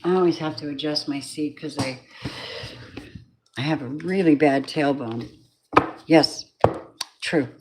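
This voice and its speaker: A woman's voice: sits low, measured pace, pauses often, background noise. Lady doing a tarot reading for her viewers, talks loose and rambly, swears a lot, keeps wandering off into spiritual stuff. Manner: rambling and candid, with frequent swearing; drifts into spiritual asides. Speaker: tarot reader.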